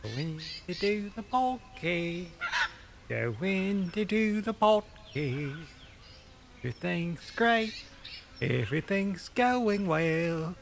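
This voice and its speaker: A man's voice: sits high, very animated, extremely slow, gravelly, background noise, full character voice. A man playing a hapless Australian podcast co-host, with an Australian accent and an overexcited, panicky delivery. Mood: cheerful.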